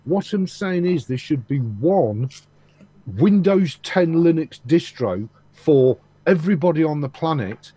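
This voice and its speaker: A man talking emphatically in a casual online group chat, making his point with animated examples. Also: a little high, unhurried, breathy edge. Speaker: video chat caller.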